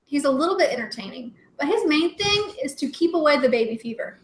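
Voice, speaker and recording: A woman's voice: high voice, animated, quick pace, a little hiss or hum. A young woman chatting casually as a livestream co-host, giggly and rambling with lots of "like" fillers. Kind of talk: casual chat. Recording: roomy echo.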